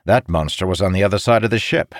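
A man narrating a fantasy audiobook in a steady, measured reading. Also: low-pitched, no room sound, studio quality.

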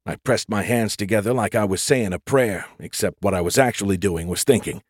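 A man's voice: on the low side, moderate pace, few pauses, a little mellow, slightly rough, no room sound. A man reading a first-person story as an audiobook narrator, in a wry, dry storytelling manner.

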